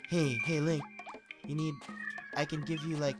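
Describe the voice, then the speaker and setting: A woman hosting a casual let's-play, excitable and giggly, exclaiming often as she plays. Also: low-pitched, moderate pace. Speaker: host. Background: game music.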